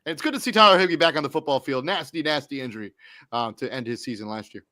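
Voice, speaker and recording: Bright, close-miked casual man talking football. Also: mid-range voice, expressive, quick pace, no room sound. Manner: loose, off-the-cuff, self-correcting with fillers. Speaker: co-host giving fantasy football rankings. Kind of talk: casual sports podcast talk.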